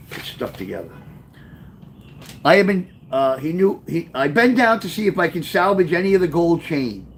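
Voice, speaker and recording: A man reading his own memoir aloud, telling the story with lively, offhand asides. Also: fairly high pitch, a little hiss or hum. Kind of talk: first-person memoir storytelling.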